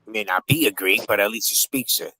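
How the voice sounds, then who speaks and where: A man's voice: on the low side, a little fast, bright, forceful tone, breathy edge, no room sound, rough recording. Profane, taunting livestream host man. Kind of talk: heated livestream panel chat.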